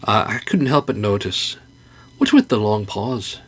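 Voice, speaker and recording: A man voicing a friendly, concerned male bartender who talks in a chatty way with a jumpy pitch. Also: sing-song, measured pace, husky, full character voice.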